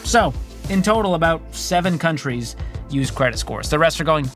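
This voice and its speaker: Brief: sarcastic male finance host, casual comedic commentary, slightly high-pitched, faint background music. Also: lively intonation, moderate pace. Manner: wry, sarcastic, jokey. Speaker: personal finance host reacting to videos.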